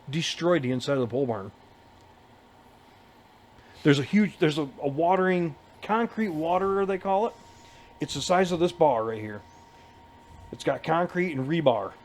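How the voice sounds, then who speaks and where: A man's voice: a little high, darkish tone. A man with a slightly raised voice rambles through a story on a casual podcast, swearing freely and breaking into laughs. He restarts sentences often, stacking one aside on another. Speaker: podcast co-host. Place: bar.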